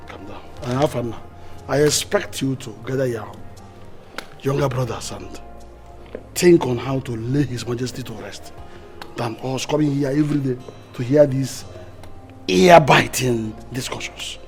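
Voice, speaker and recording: An actor with a Nigerian accent playing a calm elder who admonishes the royal siblings in measured speech. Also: male voice, mid-range voice, close to an everyday voice. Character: calm older village elder, mediating. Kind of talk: film acting.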